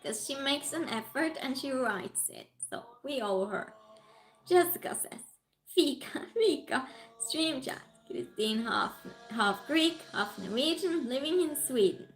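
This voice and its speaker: A woman hosts a relaxed livestream, greeting her viewers by name and reading their comments aloud. Her voice sits high, and she takes her time with each thought, laughing often. Soft music plays faintly underneath. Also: unhurried, rough recording. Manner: chatty and giggly, greets viewers one by one. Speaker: livestream host. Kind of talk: casual stream chat, reading out viewer comments.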